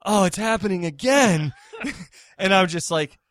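A man with a fairly high, very lively voice spins a long story on a casual comedy podcast. He jumps into the voices of the people he quotes, close on a dry mic. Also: a little slow, no echo. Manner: animated storyteller acting out quotes. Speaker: podcast co-host.

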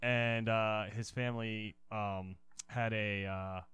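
A man's voice: on the low side, steady tone, takes it slowly, a bit bright, clean tone, no room sound. A man telling a rambling story on a casual podcast, searching for words and laughing often. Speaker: podcast guest.

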